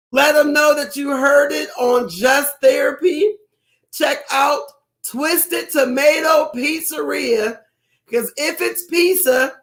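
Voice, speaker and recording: A woman co-hosts a casual podcast in a raspy, gravelly voice that sits high. She talks loud and playful and stretches her words out slowly. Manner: loud and playful, drawn-out hums. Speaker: podcast co-host. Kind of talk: casual podcast chat with ad read.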